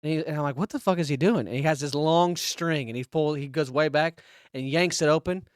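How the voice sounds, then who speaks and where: A man co-hosting a podcast, telling crude, animated stories and acting out quotes. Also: a little high, a little fast, smooth, no room sound, clean studio sound. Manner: swears a lot, tells animated stories with acted-out quotes. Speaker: podcast co-host. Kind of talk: crude casual chat.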